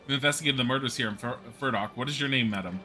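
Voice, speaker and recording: Courteous male investigator asking questions, read by a streamer, bright tone. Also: mid-range voice, racing, close to an everyday voice. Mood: inquiring. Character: polite male investigator hero.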